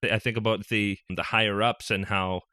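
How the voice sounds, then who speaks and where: A man's voice: lowish voice, little pitch movement, normal speed, pushed and bright, no echo, clean studio sound. A man hosting a fan podcast, chatting thoughtfully about a TV show with some hesitant restarts. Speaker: podcast host. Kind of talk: casual fan podcast chat.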